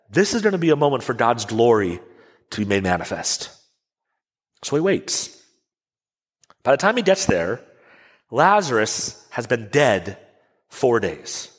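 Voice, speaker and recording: A man preaching a sermon as a pastor, telling the story with animated rhetorical questions. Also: medium pitch, breathy edge, long reverb tail. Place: church sanctuary.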